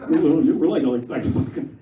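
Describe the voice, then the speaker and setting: A man's voice: a little high, normal speed, muffled recording. An older man doing a crude, rambling stand-up set, mocking himself and acting out quoted voices, on stage in a large hall. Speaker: stand-up comedian. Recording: echoey hall, mic at a distance. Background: loud laughing crowd and room noise.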